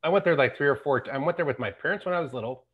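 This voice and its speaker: A man's voice: a little high, racing, husky. A man in his fifties hosting a podcast, chatting in a laid-back, slangy way and often restarting his sentences. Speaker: podcast host. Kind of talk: casual chat. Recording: dull lo-fi sound.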